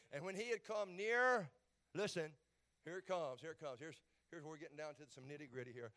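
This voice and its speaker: A pastor preaching a sermon, dropping to low murmurs and rising to shouts. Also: male voice, fairly quick.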